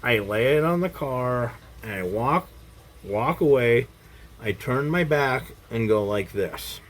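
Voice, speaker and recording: A man's voice: medium pitch, animated, slow pace. A middle-aged or older man giving a blunt, casual self-defense lesson to camera, salty language and frequent check-ins with his listener. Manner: blunt and profane, checks in with "Okay?" after points.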